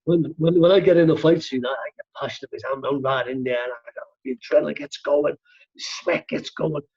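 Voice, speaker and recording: A middle-aged man from Liverpool with a Scouse accent, telling a story in casual chat, animated and fast-talking, punctuating lines with "right?". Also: a little high, slightly rough, dull audio. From Liverpool, England. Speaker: stunt coordinator guest.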